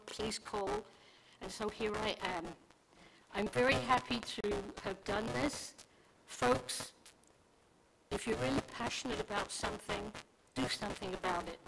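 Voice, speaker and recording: A woman's voice: on the high side, vocal fry. A woman recovering from a lost voice tells stories with quoted dialogue as she speaks informally to her temple congregation on a livestream. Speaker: congregant sharing a milestone. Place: temple sanctuary. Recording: noisy livestream recording.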